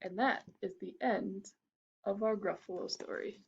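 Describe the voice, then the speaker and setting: A woman reading a picture book aloud to children in a slow, expressive, sing-song way. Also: mid-range voice, creaky, slight background noise. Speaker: storyteller. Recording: dull lo-fi recording.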